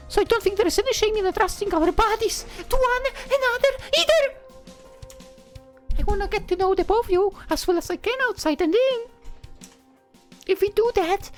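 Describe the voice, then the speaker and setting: A woman voicing a bubbly, pushy young heroine in a high, sing-song way, reading a visual novel.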